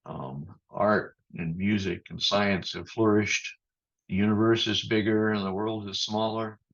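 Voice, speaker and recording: A man preaches a sermon in a measured, thoughtful way, pausing and restarting as he goes. His voice is husky and sits a little low. The sound is muffled, as over a video call. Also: fairly even intonation, fairly bright tone. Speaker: pastor.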